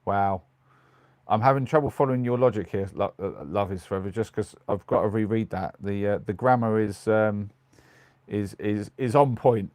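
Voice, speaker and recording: A middle-aged British man reads comments on a casual night-time live stream from his small converted van, rambling with ums and restarts. His fairly low, darkish voice moves at a moderate pace, and there is no room sound.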